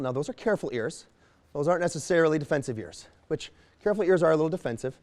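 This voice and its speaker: A man's voice: a little high, rapid-fire, darkish tone, long reverb tail. A man working as a horse trainer, explaining a training demonstration as he works and voicing what the horse seems to think.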